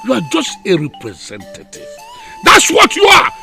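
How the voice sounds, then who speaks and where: A man's voice: extremely high pitch, wildly swooping pitch, normal speed, gravelly, faint music behind, full character voice. A man playing a fiery boastful Nigerian chief. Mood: scornful. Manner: shouting, insulting, mixing in Igbo. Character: boastful older village chief, hot-tempered. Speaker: chief in council.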